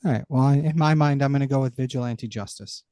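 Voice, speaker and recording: A man's voice: medium pitch, quick pace, dark tone, dry recording, studio quality. A man co-hosting a podcast in casual chat, making wry comments and wrapping up the episode. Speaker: podcast co-host.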